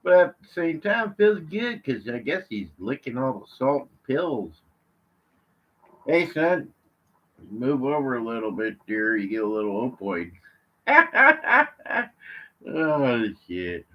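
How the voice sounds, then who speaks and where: A man from California on a live vlog, chatting from his chair at home in a slow, rambling way, full of fillers and restarts. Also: mid-range voice, lively intonation. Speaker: vlogger. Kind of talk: rambling live-stream chat. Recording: slightly muffled lo-fi audio.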